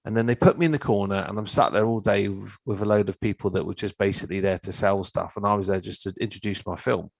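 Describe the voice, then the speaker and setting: A man's voice: fairly low pitch, fairly even intonation, quick pace, creaky, few pauses, no room sound, low-quality recording. A man, telling a story in a blunt, ranting way as a filmmaker guest on a casual chat show. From Cornwall, England.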